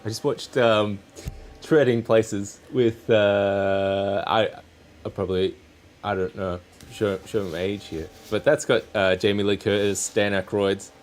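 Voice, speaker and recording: A man's voice: on the low side, little pitch movement, a little slow. A man hosting a casual live stream while crafting, chatting in a rambling, self-correcting way. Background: faint background music.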